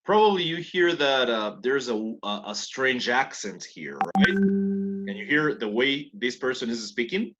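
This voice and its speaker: A man teaching an online English class, explaining in English and Spanish with soft, hesitant fillers. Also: mid-range voice, sing-song, unhurried, highs cut off.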